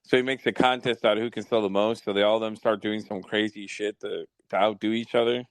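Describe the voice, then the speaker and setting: Casting note: rambling, profane male podcast host with a low voice and a dry, close sound. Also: fairly even intonation, quick pace, no echo. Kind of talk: casual chat.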